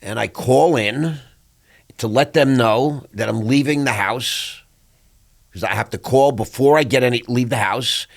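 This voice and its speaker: A man hosting an interview, telling a personal story in a lively, animated way. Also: medium pitch, measured pace, vocal fry. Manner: animated storyteller, acts out quoted voices. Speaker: podcast host.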